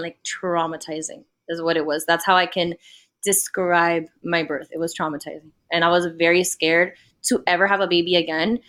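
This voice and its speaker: A young woman, a podcast guest, telling a personal story in casual chat, blunt and animated, full of "like" and acted-out quotes. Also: on the low side. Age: young adult. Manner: blunt, animated storytelling, fillers of 'like', acts out quoted voices.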